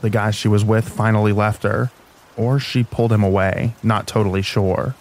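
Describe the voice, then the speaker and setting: A man with a fairly low voice reads a story in a soft, steady narrator's style. Rain falls in the background behind him. His delivery stays calm and even throughout. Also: moderate pace, poor audio. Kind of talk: calm scripted narration of sleep stories. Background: rain sounds.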